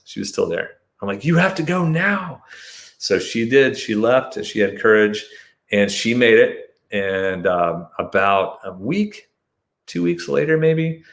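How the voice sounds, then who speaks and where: A man hosting his show, telling a personal story as a monologue and acting out shouted lines with sudden high jumps. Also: vocal fry, roomy sound.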